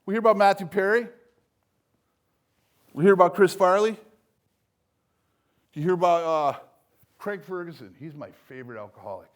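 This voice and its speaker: A man's voice: unhurried, long pauses. Emphatic older man giving a motivational talk. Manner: emphatic, swings between loud punches and soft lows. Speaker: speaker at a recovery event. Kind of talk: motivational speech.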